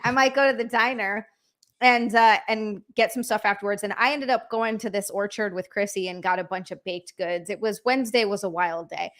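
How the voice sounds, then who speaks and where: A woman's voice: mid-range voice, steady tone, fairly quick, hardly any pauses. A woman co-hosting a casual stream chat, telling stories and laughing often. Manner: chatty storyteller, laughs often.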